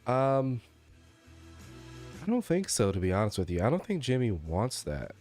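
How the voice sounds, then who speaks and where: A man's voice: medium pitch, very animated, moderate pace, darkish tone, soft background music. A man streaming live, chatting casually with his viewers and reacting to a wrestling show, laid-back and chuckling.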